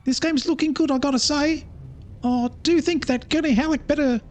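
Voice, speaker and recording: A man's voice: steady tone, moderate pace, soft background music. A man voicing a crude, foul-mouthed male friend who swears and bosses the player around. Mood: demanding. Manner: swearing, bossy, squeaky put-on voice.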